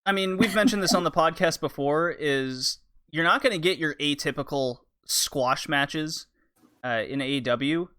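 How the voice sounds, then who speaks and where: A podcast co-host with a mid-range voice in relaxed conversation. The delivery is measured and explanatory, with a light teasing edge now and then. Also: mid-range voice, clean tone. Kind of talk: casual chat.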